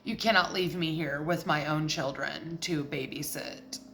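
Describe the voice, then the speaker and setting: A woman putting on a lower voice to mock a lazy, controlling husband, sarcastic and whiny. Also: fairly even intonation, measured pace, vocal fry, a bit bright, exaggerated voice. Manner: mocking, sarcastic.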